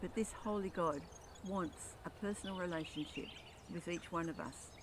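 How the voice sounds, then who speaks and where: Male lay preacher, earnest sermon delivery, slightly high voice, noisy recording. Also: normal speed. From Australia. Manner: earnest, reads scripture aloud with rising emphasis. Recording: noisy background.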